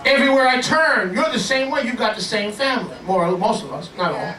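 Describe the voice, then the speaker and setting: A man preaching a sermon as a pastor, animated, joking, and putting on voices to act out his stories. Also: extremely high pitch, a little fast, few pauses, crowd noise. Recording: echoey room, distant from the mic, faint ambience.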